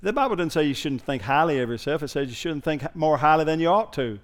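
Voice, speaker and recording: Male pastor, fairly high voice, folksy storytelling sermon with shouted peaks. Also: lively intonation, quick pace.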